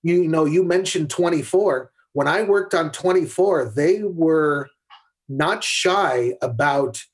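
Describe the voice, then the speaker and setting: A middle-aged man recounting behind-the-scenes stories in a relaxed, conversational way. His voice is husky and sits a bit high for a man. He often stumbles and restarts his sentences. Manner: candid anecdotal storyteller with frequent restarts. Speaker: podcast guest, camera assistant. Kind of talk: conversational storytelling.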